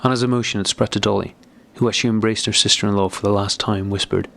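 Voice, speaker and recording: A man narrates a classic novel with a steady, measured delivery. His voice sits low and has a gravelly fry running through it. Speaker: audiobook narrator. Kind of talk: scripted narration.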